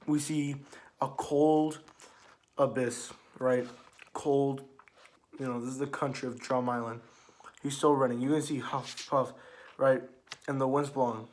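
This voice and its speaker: A man's voice: mid-range voice, unhurried, pauses often. Rambling, foul-mouthed man reviewing manga. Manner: rambling, excitable, swears freely, many restarts. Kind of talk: casual spoken review.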